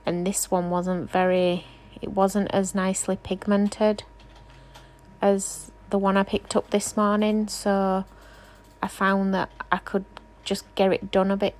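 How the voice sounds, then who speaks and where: A woman's voice: mid-range voice, darkish tone. A woman nail technician doing a casual, rambling tutorial voice-over, chatty and self-deprecating, often apologizing.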